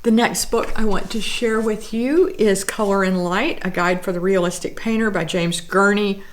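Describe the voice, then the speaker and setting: Woman vlogger, mid-pitched, emotional and gushing, casual show-and-tell of books. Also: fairly even intonation, moderate pace. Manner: gushing, emotional, lingering on words of praise. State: teary. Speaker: artist and vlogger.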